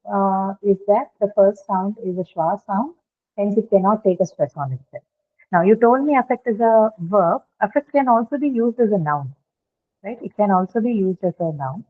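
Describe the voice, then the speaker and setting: A woman teaching English pronunciation in a class, explaining patiently step by step and often checking with her students. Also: mid-range voice. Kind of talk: online classroom lecture. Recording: tinny phone-like line.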